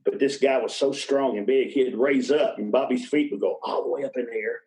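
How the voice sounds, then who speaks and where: A man's voice: mid-range voice, fairly even intonation, fairly quick, dark tone, low-quality recording. An older man, a retired wrestler, telling rambling road stories in a casual interview and chuckling as he goes. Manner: rambling anecdotes, chuckles mid-sentence.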